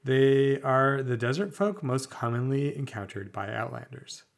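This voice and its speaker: A man co-hosting a tabletop podcast, reading fantasy lore aloud at a measured, slightly halting pace. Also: medium pitch, creaky. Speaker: podcast co-host.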